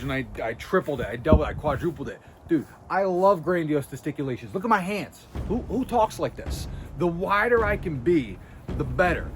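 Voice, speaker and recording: Over a noisy background, a male body language host addresses the camera directly, giving casual but blunt, intense coaching with lots of emphasis. His voice is on the high side.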